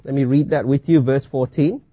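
A man preaching a sermon, reading scripture aloud and asking rhetorical questions with dramatic pauses. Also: mid-range voice, fairly even intonation, mellow, dry recording.

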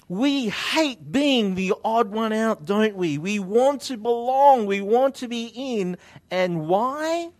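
A man from Australia, preaching a sermon in a conversational, self-deprecating way. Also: fairly high pitch. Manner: conversational, self-deprecating humor, slow deliberate delivery.

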